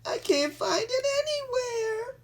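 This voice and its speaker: A woman's voice: very high voice, sing-song, slow pace, creaky, a little hiss or hum, voice pushed up, heavily acted. A woman voicing a little boy who has lost his book, whiny and near tears. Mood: upset.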